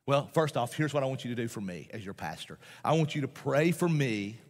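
A man's voice: mid-range voice, animated, a little fast. A man, a Baptist pastor, preaching a sermon in a folksy, emphatic way, often repeating phrases and laughing between points. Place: large church auditorium. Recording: long hall reverb.

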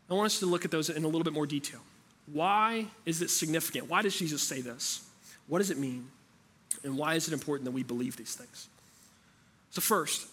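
A man's voice: fairly high pitch, brisk, fairly bright tone, husky. A man preaching a sermon as pastor, talking in a conversational way and asking the room rhetorical questions.

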